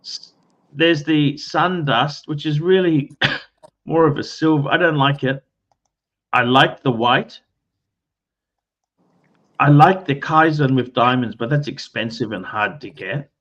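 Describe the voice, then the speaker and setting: A man's voice: a little high, slow pace, long pauses, fairly bright tone, highs cut off. A man hosting a livestream who gives blunt, bossy advice, swears often and restarts his sentences. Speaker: livestream host. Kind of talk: casual livestream chat.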